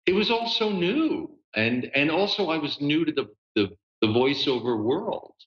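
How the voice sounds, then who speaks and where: A man in his sixties, a voice actor, telling stories in a relaxed interview with many fillers and laughs. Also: on the high side, unhurried, highs cut off. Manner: animated, laughing storyteller with lots of fillers. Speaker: guest voice actor. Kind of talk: casual interview storytelling.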